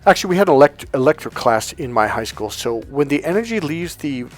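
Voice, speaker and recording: A man's voice: fairly high pitch, very animated, a little fast, faint music behind. A man giving a blunt, profane, emphatic coaching talk as a love coach. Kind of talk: coaching monologue.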